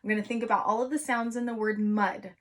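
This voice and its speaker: A kindergarten teacher giving an online phonics lesson, speaking to young children in an encouraging, sing-song way and stretching out letter sounds slowly. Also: female voice, on the high side, steady tone. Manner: slow, exaggerated sounding-out of letters.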